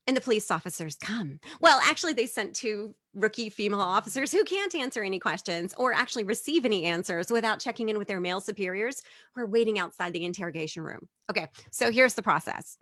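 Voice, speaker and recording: A middle-aged woman tells a personal story as a stand-up set, with lively swings in pitch. Her voice is bright and forceful, and the sound is dry and close. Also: fast talker, no room sound. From immigrant living in Japan. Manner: animated, acts out quotes with big pitch jumps.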